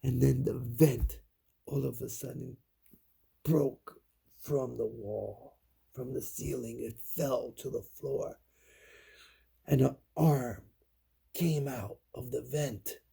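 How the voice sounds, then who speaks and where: A man spins a scary bedtime story at a crawl, his low voice full of gravelly fry. The tone is dark and very husky, sinking to whispers at the tense parts. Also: steady tone. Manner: slow, hushed, dropping to whispers for suspense. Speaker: parent telling a bedtime story.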